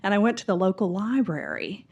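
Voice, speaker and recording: A middle-aged woman with an easy Southern drawl spins a chatty, rambling story at a bookstore Q&A. She talks into a handheld audience mic, her voice sitting at an ordinary middle pitch. She acts out other people's lines as she goes. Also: fairly quick, breathy edge, dull audio. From Mississippi and Tennessee, US South. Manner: chatty, rambling, animated storyteller acting out quotes. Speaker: audience member. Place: bookstore event room.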